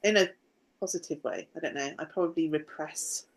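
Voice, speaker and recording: Woman client, lowish voice, reflective casual chat. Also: fairly quick, vocal fry, poor audio. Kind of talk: casual conversation.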